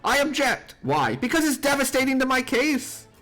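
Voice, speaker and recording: A man's voice: very high-pitched, sing-song, normal speed, sharp tone, soft background music, pitched above the performer's own voice, exaggerated voice. A man voicing an earnest young lawyer. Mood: urgent.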